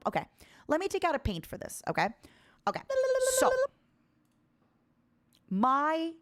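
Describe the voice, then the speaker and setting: Chatty woman streamer, dry close sound. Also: no echo. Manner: chatty, bouncy, jumps in pitch when reading chat. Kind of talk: casual livestream chat. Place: indoor room.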